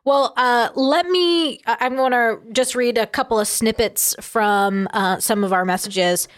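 A woman co-hosting a podcast, chatting casually and reading out listener messages with many fillers. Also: fairly high pitch. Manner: chatty, halting with fillers, laughs often. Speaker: podcast co-host.

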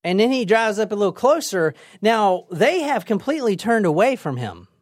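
A young adult woman hosting a casual true crime podcast, telling the story in a lively, chatty way with swearing and acted-out quotes. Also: mid-range voice, moderate pace, dry recording, studio quality. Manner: lively, swearing, laughs often, acts out quotes. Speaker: podcast host.

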